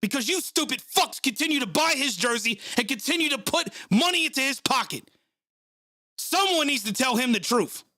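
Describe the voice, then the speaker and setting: Hosting a live reaction stream of a football match, this man fumes and curses through an angry play-by-play. He speaks at a moderate pace in a very high-pitched, animated, sharp-toned voice, with studio-quality sound and no room noise.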